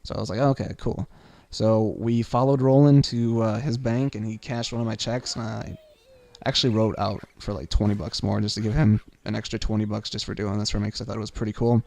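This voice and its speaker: A young man tells a long personal story in a loose, rambling way, full of fillers and little laughs. His voice sits a bit on the low side. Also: steady tone, fairly quick, creaky, darkish tone. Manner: rambling, many fillers, laughs while telling. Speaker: vlogger. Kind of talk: casual storytelling.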